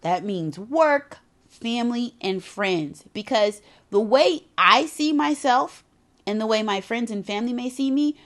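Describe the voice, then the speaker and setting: A woman's voice: fairly high pitch, measured pace. A woman giving a motivational talk on self-love, emphatic and conversational, with casual asides and repetition for emphasis. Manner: emphatic, conversational, drops into animated character voices for retold quotes. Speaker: self-help speaker.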